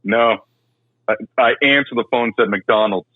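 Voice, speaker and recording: A man's voice: mid-range voice, moderate pace, no echo, pitched below the performer's own voice, close to an everyday voice. A man playing a blunt, dismissive male worker taking a phone order, over a tinny remote line. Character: blunt bored male burger-joint worker.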